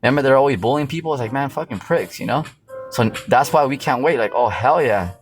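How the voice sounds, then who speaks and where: A man preaches from scripture in a loose, street-level way, peppering every thought with "you know" and swearing freely. His voice sits at an ordinary pitch. Faint music plays underneath. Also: lively intonation, fast talker. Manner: loose and profane, full of fillers and "you know". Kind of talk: casual Bible teaching.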